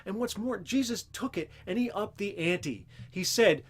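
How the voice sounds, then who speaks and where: The host of a Christian teaching show talks without notes, earnest and forceful, lifting his voice for scripture quotations. His pitch is high with lively intonation, and he keeps a measured pace with hardly any pauses.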